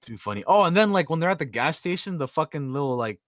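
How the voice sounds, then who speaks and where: A man's voice: a little high, sing-song, fast, no room sound, studio quality. A man co-hosting a podcast in casual chat, laid-back and slangy, stretching words for emphasis. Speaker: podcast co-host.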